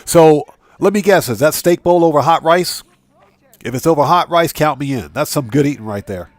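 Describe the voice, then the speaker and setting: Chatty male game streamer, slightly high voice. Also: animated, normal speed, no room sound. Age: adult with a wife and child. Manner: chatty, thanks viewers by name, reads out chat. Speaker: live-stream gaming host. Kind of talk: casual live-stream chat.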